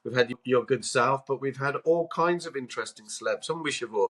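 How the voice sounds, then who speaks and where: A man in a podcast conversation telling a long anecdote, animated and acting out the lines of the people in it. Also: mid-range voice, a little fast. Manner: animated, acts out quotes. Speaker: podcast co-host and guest. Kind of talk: anecdotal storytelling.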